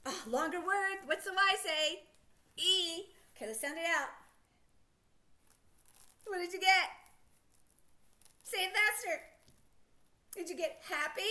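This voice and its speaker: Middle-aged woman teacher, high and animated, coaxing a child through phonics with encouraging questions. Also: moderate pace, long pauses, slight background noise.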